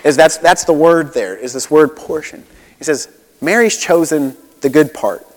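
Conversational pastor in a reverberant hall. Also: male voice, on the high side, animated, normal speed. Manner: conversational, relatable, with many asides and restarts. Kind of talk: sermon.

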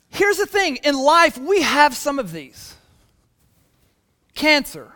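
Animated pastor preaching. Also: male voice, very high-pitched, long reverb tail. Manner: animated storytelling with repeated restarts. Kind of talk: sermon. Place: church.

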